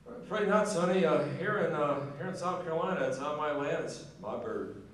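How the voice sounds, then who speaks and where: A man's voice: a little high, a little fast, a little hiss or hum, voice pushed up, close to an everyday voice. A man doing a folksy old Marine general in an echoey hall. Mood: folksy calm. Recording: echoey banquet hall, distant mic.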